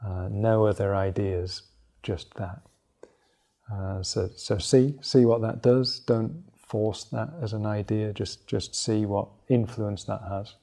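A man teaching a meditation class, explaining the practice in a relaxed way that sounds like he is thinking aloud. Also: lowish voice.

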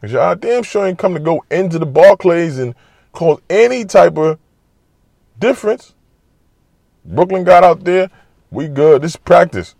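A man giving a casual, animated, trash-talking basketball monologue full of slang. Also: high voice, measured pace, creaky, long pauses, no echo. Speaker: basketball commentator. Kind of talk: casual sports talk monologue.

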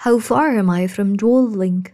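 A woman's voice: mid-range voice, a little slow, mellow, close to an everyday voice. A woman voicing a lost young husband, urgent. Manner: urgent, pleading, raised voice.

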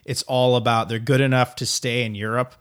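A man's voice: medium pitch, flat delivery, brisk. A man co-hosting a casual sports podcast, joking and rambling with lots of fillers. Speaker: podcast co-host.

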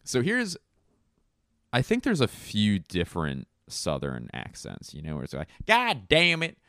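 A man's voice: low-pitched, wildly swooping pitch, a little slow, no room sound, studio quality. A man hosting a casual solo podcast, rambling and joking with plenty of swearing. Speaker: podcast host.

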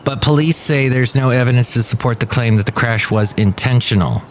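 A man's voice: mid-range voice, a little fast, slight background noise. A man hosting a podcast, chatting casually through the news and wandering off on tangents. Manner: rambling, tangent-prone, self-correcting. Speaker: podcast host.

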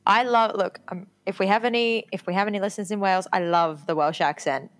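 A woman's voice: mid-range voice, fairly even intonation, fast. A woman co-hosting a podcast in casual chat, candid and self-deprecating, laughing often. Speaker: podcast co-host.

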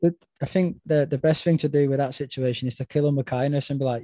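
Host, mellow and dry-miked, easygoing questioner in casual chat. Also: male voice, mid-range voice, steady tone, quick pace, no room sound. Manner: thoughtful, asks open questions. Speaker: podcast host, personal trainer.

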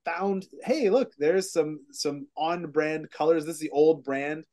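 A man's voice: a little high, measured pace, warm tone. A man hosting a real estate podcast, telling a self-mocking story in a rambling way with many fillers. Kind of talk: casual podcast chat.

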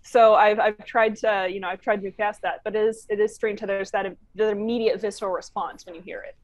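A woman's voice: medium pitch, fairly even intonation, a little fast, no room sound. A woman from Chicago, co-hosting a podcast in a playful, chatty way with frequent laughs. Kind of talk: casual podcast chat.

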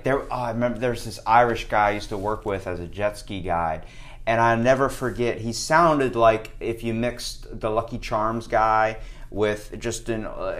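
Man telling stories with laughter. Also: lowish voice. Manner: animated storyteller, laughs while telling stories. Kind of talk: casual chat.

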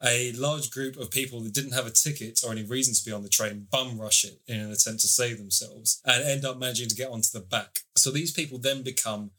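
A man's voice: mid-range voice, steady tone, a little fast, few pauses, pushed and bright. A man co-hosting a podcast, casually summarizing and reviewing a TV series at length, with the odd swear. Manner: chatty, swears casually, long plot summaries.

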